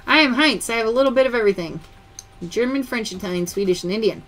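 A woman's voice: fairly high pitch, fast talker, a bit bright. A woman hosting a live-stream sale, chatty, greeting viewers by name and counting items aloud. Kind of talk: live-stream sales chat.

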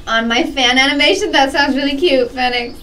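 A woman's voice: sits high, a little fast, sharp tone, far from the mic, rough recording. A young woman streaming a game, chatting casually and greeting her viewers by name with lots of giggles. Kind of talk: casual live-stream chat while gaming.

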